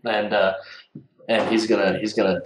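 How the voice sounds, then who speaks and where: A man with a lowish voice plays in a tabletop role-playing game. He describes his character's actions in a relaxed way, with plenty of fillers. The sound is roomy and echoey. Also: normal speed, recorded from a distance, slight background noise. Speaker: player. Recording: echoey room.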